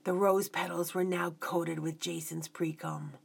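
A woman narrating a first-person story in a slow, hushed manner, often sinking into a whisper. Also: fairly low pitch, level tone, gravelly, husky.

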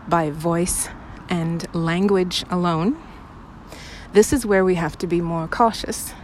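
A woman's voice: on the low side, darkish tone, slight background noise. A young woman who makes audios, chatting with her listeners in a rambling, self-deprecating way full of fillers. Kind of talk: casual chat to listeners. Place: recorded outside.

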